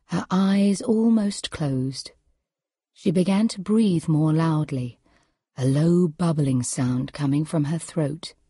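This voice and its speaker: A woman reading a story aloud in a measured, quiet way. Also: low-pitched, slightly rough, no echo, clean studio sound. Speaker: narrator.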